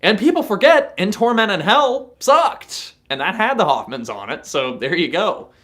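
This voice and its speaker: A man's voice: high voice, big pitch swings, normal speed, a bit bright. A young man from North Carolina hosting a casual live stream, chatty, swearing freely and laughing at his own jokes.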